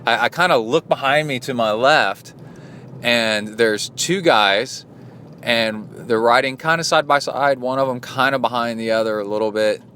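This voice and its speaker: A man's voice: medium pitch, moderate pace, pushed and bright, slight background noise. Male coach-host, casual storytelling, indignant, rambling delivery with fillers and restarts. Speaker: podcast host and endurance coach.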